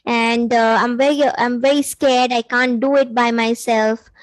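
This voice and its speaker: Lady telling a story as a scared tearful woman begging for help crossing, fairly high voice, dry sound. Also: fairly even intonation, unhurried, no room sound, natural voice. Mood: scared pleading. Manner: pleading, tearful. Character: frightened crying young woman at a river.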